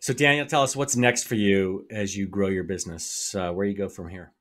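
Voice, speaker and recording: A man hosting a podcast in a relaxed way, asking his guest questions. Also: deep voice, a little fast. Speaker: podcast host. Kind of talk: casual interview chat.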